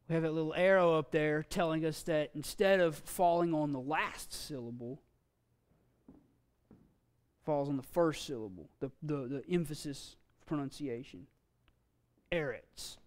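A man's voice: a little high, a little mellow, clean tone. Man lecturing in an echoing hall. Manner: folksy, halting, with many fillers and restarts. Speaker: Bible language teacher. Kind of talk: classroom lecture. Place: church classroom. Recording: long reverb from a hall.

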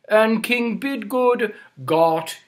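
A man telling stories to children in a playful, animated way, inviting listeners to join in. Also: high-pitched, drawn-out words. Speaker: storyteller. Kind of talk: storytelling for children.

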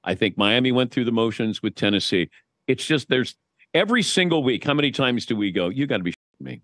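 An animated man chats about sports and tells stories, slipping into other voices when he quotes people. His voice sits in the middle of the male range. The studio sound is dry and close. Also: mid-range voice, fast, dry recording. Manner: animated storyteller, does voices when quoting. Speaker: guest. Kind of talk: casual sports chat.

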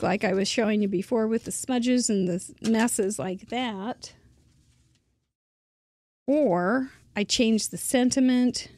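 Chatty woman teaching a craft. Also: fairly high pitch. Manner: chatty, rambling, thinks aloud while working. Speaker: card-making instructor. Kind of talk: casual craft tutorial.

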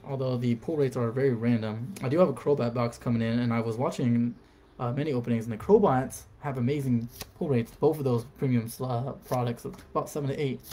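A young man streaming live, casually calling out cards as he opens packs and breaking into excited shouts at good pulls. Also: mid-range voice, brisk, a little hiss or hum. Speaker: card-opening streamer. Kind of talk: live card pack opening.

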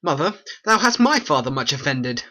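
A performer voicing a brooding, vengeful young prince in an amateur animated play, reading the old verse earnestly. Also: medium pitch, moderate pace. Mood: accusing.

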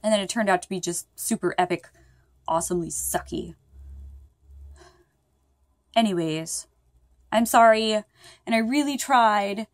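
A woman's voice: medium pitch, a little slow, pauses often, dry recording. Upset young woman vlogging from bed. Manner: rambling, upset and apologetic, many "like"s. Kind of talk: casual vlog talk to viewers. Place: bedroom, lying in bed.

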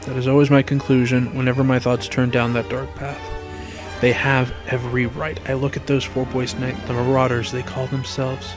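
Guy doing a quiet solemn old headmaster, gentle and wise, kinda hushed. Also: medium pitch, level tone, music in the background, lightly acted. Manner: soft, measured and solemn.

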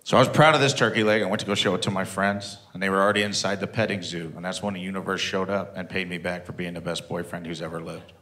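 Stand-up comic, thirties man, animated and profane, bright forceful voice. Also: low-pitched, fast, hardly any pauses. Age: 30s. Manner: profane, animated, plain-spoken. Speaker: stand-up comedian. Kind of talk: stand-up comedy storytelling.

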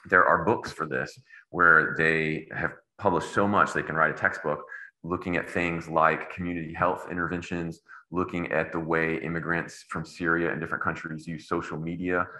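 A man's voice: low voice, flat delivery, moderate pace, sharp tone, reverberant, poor audio. A middle-aged man giving a medical lecture in a casual, digressive way with wry asides. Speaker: anesthesiologist giving grand rounds.

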